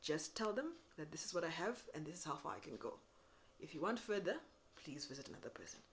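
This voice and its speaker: A young woman giving business advice to camera, animated and sassy, acting out customers in quick voices. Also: low voice, a little hiss or hum. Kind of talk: casual advice talk to camera.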